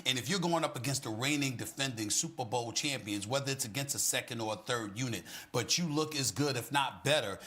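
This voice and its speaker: A man talking on a sports debate show as a commentator, emphatic with a preacher-like cadence that swings into shouting. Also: mid-range voice.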